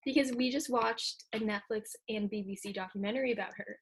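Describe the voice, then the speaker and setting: Breathy-voiced teenage girl, giggly co-host. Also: on the high side, brisk. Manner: chatty, giggly storytelling. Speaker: podcast co-host. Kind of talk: casual chat.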